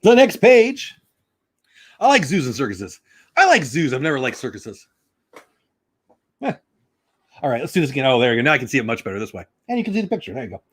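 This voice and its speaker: Lively chatty man reading aloud. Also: medium pitch, fairly quick, pauses often, slightly rough. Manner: reads a children's book in a sing-song rhythm, chatty asides. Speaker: channel host. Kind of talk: casual vlog with read-aloud.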